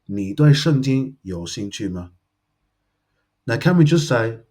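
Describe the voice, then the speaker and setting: A man's voice: lowish voice, lively intonation, unhurried, darkish tone. A man teaching a grammar lesson, explaining carefully and methodically with worked examples. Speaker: Chinese language teacher.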